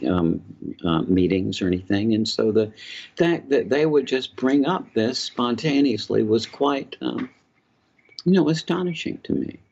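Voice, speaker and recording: A middle-aged man recounting personal stories in an interview, reflective and halting, with fillers. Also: mid-range voice, animated, vocal fry, darkish tone, husky. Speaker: author and filmmaker guest. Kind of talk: storytelling in an interview. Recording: dull lo-fi sound with music underneath. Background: music.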